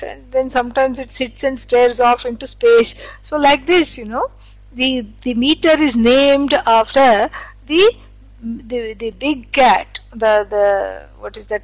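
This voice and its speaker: A woman teaches in a relaxed, rambling lecture, full of "you know" and restarts. Her voice sits high, and the recording is dry and close, with little room sound. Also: no echo, poor audio. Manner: meandering, conversational, many fillers and restarts. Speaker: Vedanta teacher. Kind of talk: spiritual lecture.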